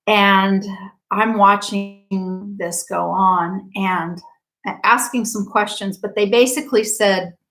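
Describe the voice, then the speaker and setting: A woman in a casual storytelling monologue with a voice of middling pitch. She talks in a chatty, animated way, full of fillers, and acts out what others said. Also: slow, faint music behind, poor audio. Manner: animated, acts out quoted speech. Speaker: quantum healing practitioner.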